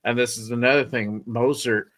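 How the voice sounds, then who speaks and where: A man hosting a sports podcast with a middle-pitched voice, rambling and loose in casual chat. He swears freely and circles back over his points. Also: steady tone, normal speed, fairly bright tone. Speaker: podcast host.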